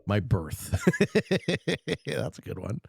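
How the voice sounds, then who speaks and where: A man streaming a strategy board game, chatting casually with viewers and swinging from low murmurs to loud shouts. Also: very animated, very slow, creaky, husky, dry recording, clean studio sound. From Canada.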